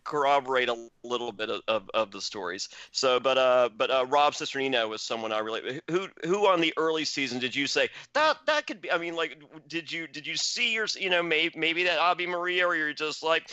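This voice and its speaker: A man rambles through a casual podcast chat, circling back on himself and joking as he goes. His voice is bright and forward. The recording is dry and a little dull. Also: fairly high pitch, fairly quick, hardly any pauses, smooth, no room sound. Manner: rambling, joking, many restarts. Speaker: podcast host.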